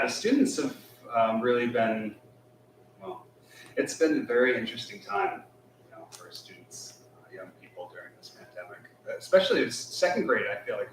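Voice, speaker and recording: A man who teaches school, talking casually at a temple service, halting with many fillers and soft laughs. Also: lowish voice, slight background noise. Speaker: guest speaker, schoolteacher. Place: temple hall. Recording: echoey hall, mic from far off.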